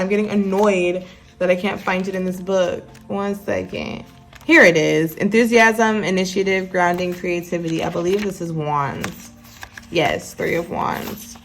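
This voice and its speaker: A woman's voice: lowish voice, steady tone, measured pace, fairly bright tone, faint music behind. A woman giving a casual tarot reading to her viewers, chatty and mixing readings from the deck's guidebook with asides to the audience. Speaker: tarot card reader.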